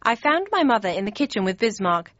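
A woman narrating an audiobook in the first person with crisp, even storytelling. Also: medium pitch, brisk, no echo. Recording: dry, slightly dull studio read.

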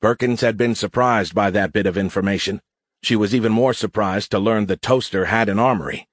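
A man reading a science fiction audiobook as narrator, in steady, even storytelling. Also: lowish voice, fairly quick. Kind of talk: scripted narration.

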